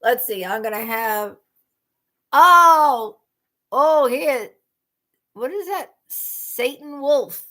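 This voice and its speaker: A woman hosts a loose livestream chat, talking to her viewers in a rambling way. Her voice sits a little high and bright and swings widely in pitch. She breaks into indignant, disbelieving exclamations. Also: animated, drawn-out words, pauses often. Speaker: livestream host. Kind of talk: casual live chat.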